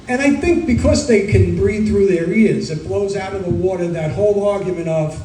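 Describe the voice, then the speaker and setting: A middle-aged man from Brooklyn with a New York Italian accent, doing a stand-up comedy set with rapid-fire one-liners and deadpan punchlines. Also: sits high, a little hiss or hum. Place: comedy club stage. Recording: roomy club sound from a distance.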